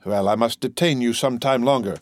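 A man voicing a stern male magistrate, speaking in a measured, stiff and formal way. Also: mid-range voice, no echo, natural voice. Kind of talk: audiobook character voice.

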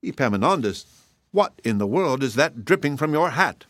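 A man voicing an exasperated mother who scolds her son loudly and emphatically in a storybook reading. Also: mid-range voice, big pitch swings, normal speed, dry recording, voice pushed up. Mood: scolding.

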